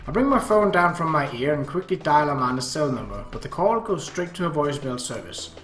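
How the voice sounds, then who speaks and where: Tense bright-voiced man narrating. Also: fairly high pitch, lively intonation, a little fast, few pauses. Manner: tense, urgent, dramatic. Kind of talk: first-person story narration with dialogue. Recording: roomy with faint music.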